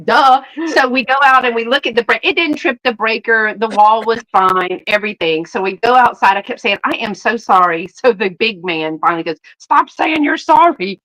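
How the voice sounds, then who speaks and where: Over poor audio, a middle-aged woman from the Southern US hosts a live sale, speaking briskly in a fairly high voice with hardly any pauses. She tells a story in casual chat, animatedly acting out quotes and laughing often.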